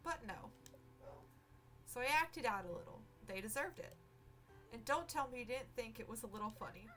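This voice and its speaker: A woman's voice: on the high side, animated, moderate pace, a bit bright, poor audio. A woman reading a sarcastic young witch. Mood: defiant. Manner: sarcastic, defiant. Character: sulky rebellious young witch heroine.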